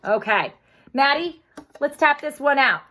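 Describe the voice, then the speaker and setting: Woman teacher, bright, higher voice, slow, clear and encouraging for young pupils. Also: expressive, slight background noise. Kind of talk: online phonics lesson.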